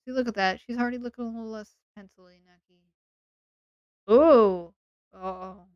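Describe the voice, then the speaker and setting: A woman's voice: on the high side, moderate pace, clean tone, no echo, dull audio. A woman streamer chatting casually late at night, sleepy, rambling and playfully teasing her chat.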